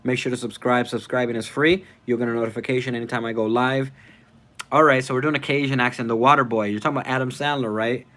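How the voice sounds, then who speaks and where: A man hosting a casual live stream, reading viewer comments aloud, rambling and thinking out loud as he goes. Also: mid-range voice, fairly even intonation, fast talker. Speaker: livestream host.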